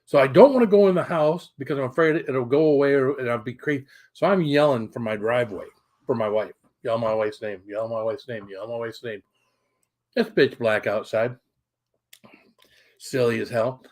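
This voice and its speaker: Middle-aged male streamer, mid-pitch, loose rambling storyteller who swears casually. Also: normal speed, darkish tone. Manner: rambling, chatty, greets viewers mid-story; colorful swearing. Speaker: livestream host.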